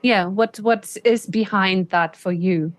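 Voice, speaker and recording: A woman's voice: medium pitch, slow pace, no echo. A woman co-hosting a podcast as a branding coach, chatty and enthusiastic. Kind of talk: casual podcast chat.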